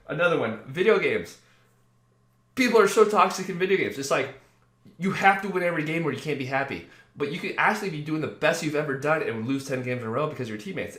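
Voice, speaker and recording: Hosting a casual spiritual video, a man with a fairly high, fairly bright voice rambles, acts out the voices of those he quotes, and uses many fillers. The sound has a roomy echo.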